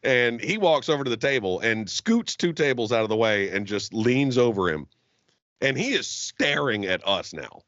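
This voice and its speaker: A man's voice: medium pitch, very animated, normal speed, a bit bright, dry recording, dull audio. A man co-hosting a podcast, telling a profane bar story with crude jokes and laughter. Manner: crude, laughing, acts out voices in his stories. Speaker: podcast co-host.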